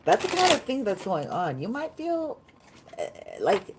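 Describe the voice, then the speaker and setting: A woman's voice: mid-range voice, wildly swooping pitch, normal speed. Woman, tarot reader, chatty, faint noise behind. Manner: chatty, meandering, easily delighted. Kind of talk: live tarot reading.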